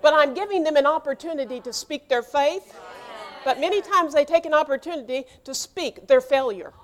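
A middle-aged woman pastor preaching a lively sermon, acting out quoted dialogue and rising into shouts. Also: sits high, brisk, a faint crowd.

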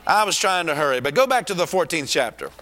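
A man preaching a fervent sermon in a high, ringing voice with a sharp, forceful edge. He calls out praise between points and lifts into shouts for emphasis. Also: very animated, fast, a little hiss or hum.

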